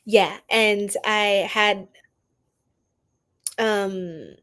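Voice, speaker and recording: A woman's voice: mid-range voice, drawn-out words, fairly bright tone. A woman hosting a casual live stream, greeting viewers by name and laughing often. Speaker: tarot reader and live stream host.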